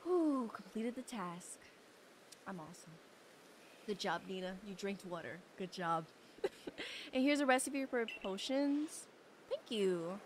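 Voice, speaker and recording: A woman's voice: medium pitch, lively intonation, a little slow, pauses often, background noise. A young woman streaming a game live, chatting playfully with her chat and bursting into squeals.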